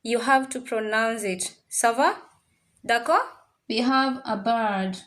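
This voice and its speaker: A woman teaches French to a class, with a fairly high voice. She talks slowly and patiently, repeating each word several times so the students can follow. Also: a bit bright. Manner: slow, repetitive drilling of words; mixes in Swahili phrases. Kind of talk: classroom language lesson.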